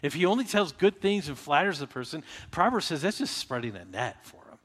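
A man's voice: fairly high pitch, big pitch swings, fairly quick, fairly bright tone, long reverb tail. A man preaching a sermon as pastor, talking in a conversational way and acting out quoted voices.

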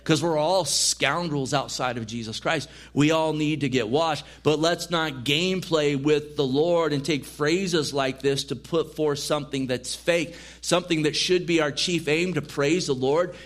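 A man's voice: a little high, measured pace, hardly any pauses. A man preaching a sermon in a church as pastor, reading scripture aloud and pressing his points with earnest emphasis.

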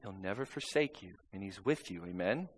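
A man's voice: sits low, animated, moderate pace, breathy edge, big-room sound, poor audio. A man preaching a sermon in a church, impassioned and conversational, often checking in with "amen?". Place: church sanctuary.

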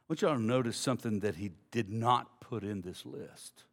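A man preaching a sermon, folksy and direct with the congregation, swinging from low, quiet passages to loud emphasis. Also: moderate pace, gravelly. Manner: folksy, addresses congregation as y'all. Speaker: pastor.

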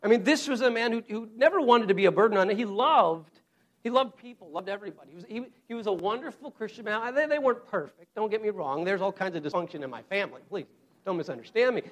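A man preaching a sermon in an earnest, conversational way, speaking straight to his congregation and slowly repeating his key phrases for emphasis. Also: high voice, lively intonation. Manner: conversational, addresses the congregation directly.

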